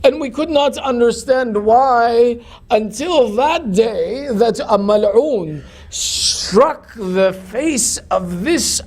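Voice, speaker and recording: Male preacher, very high pitch, impassioned grieving sermon narration. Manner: impassioned, grief-laden storytelling. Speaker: religious lecturer.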